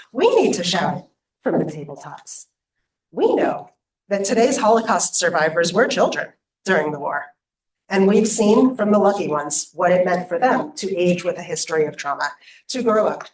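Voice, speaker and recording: Earnest woman giving a rallying speech. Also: lowish voice. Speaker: nonprofit program leader giving opening remarks. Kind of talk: prepared conference speech. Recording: echoey room, voice from a distance.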